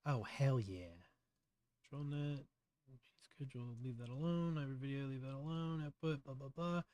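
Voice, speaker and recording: A man with a mid-range, slightly mellow voice hosts a casual live tutorial at a moderate pace in a dry recording. He mutters to himself as he works, trails off, and chats through his explanations with plenty of fillers.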